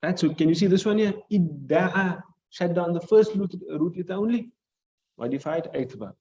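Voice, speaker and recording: With lively intonation and a high-sitting, darkish voice, this man talks at a moderate pace on a muffled recording. He teaches hadith and Arabic grammar in a South African accent, patiently repeating key points and frequently asking "right?".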